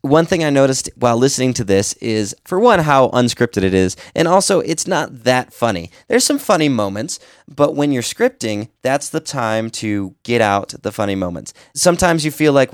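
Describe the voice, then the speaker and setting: A man's voice: medium pitch, sing-song, normal speed, no echo, clean studio sound. A man and podcast host giving casual, conversational advice on editing, explaining with examples. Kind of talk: casual instructional talk.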